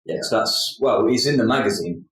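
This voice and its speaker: A man's voice: lowish voice, normal speed, fairly bright tone. A man co-hosting a casual chat, talking loosely and swearing now and then. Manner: chatty, swears freely. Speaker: podcast co-host. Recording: roomy echo.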